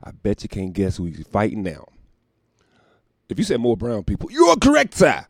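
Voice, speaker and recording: A pompous male news anchor reads out breaking news in a big, emphatic announcer's voice, put on by a man. The voice is low and gravelly and swings widely in pitch. It sits in a dry, close sound. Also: huge pitch swings, normal speed, no echo, full character voice. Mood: announcing.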